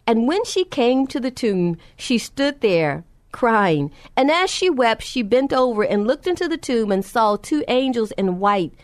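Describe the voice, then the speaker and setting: A woman's voice: big pitch swings, measured pace, few pauses, no echo. Woman, preacher, sermon, impassioned, climbing emphasis, dry sound. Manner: impassioned, rising in pitch at emphasis.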